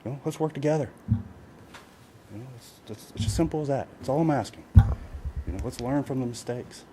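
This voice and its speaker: A man's voice: mid-range voice, fairly quick, dark tone. A man pleads his case as a property owner during public comment at a county meeting. He talks in an emotional, repetitive way, circling back with "you know" again and again. A faint hum sits behind him in the meeting room.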